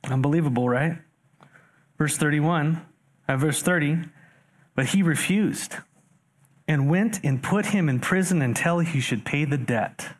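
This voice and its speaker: A man preaching a sermon, reading scripture verses aloud and explaining them, addressing the congregation directly with animated rises for emphasis and rhetorical questions. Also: fairly high pitch. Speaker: pastor.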